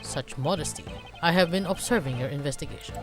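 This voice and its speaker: Fan-dub game ruler: a woman playing a stately male president, slow, formal, a little low. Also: over music, close to an everyday voice.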